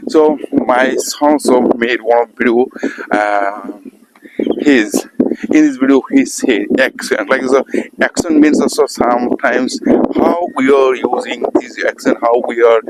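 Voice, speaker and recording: Halting man with a Bengali accent. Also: mid-range voice, steady tone, very noisy. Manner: halting, many fillers and repeated restarts. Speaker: English learner vlogger. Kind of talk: casual monologue practicing spoken English.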